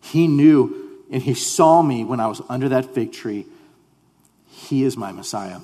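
A man's voice: medium pitch, lively intonation, measured pace, warm tone, big-room sound. A man preaching a sermon as pastor, earnest and conversational, often restarting his sentences. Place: church sanctuary.

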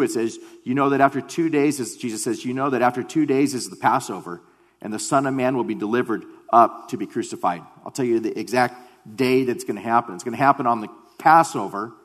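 A man preaching a sermon as pastor, animated at times and then dropping to quiet, weighty emphasis. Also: medium pitch. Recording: long hall reverb.

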